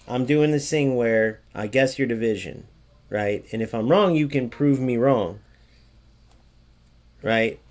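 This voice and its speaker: A man's voice: mid-range voice, measured pace, pauses often, a little mellow. Chatty man commenting on his gameplay. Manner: talks to his chat, acts out short exchanges in a raised voice. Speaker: gaming streamer.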